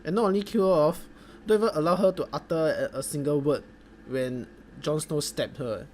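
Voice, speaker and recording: A young Singaporean man with a Singaporean accent delivers a sweary, mocking comedic video review packed with Singlish slang. His voice is a little high and a little mellow, his delivery brisk, with slight background noise behind him.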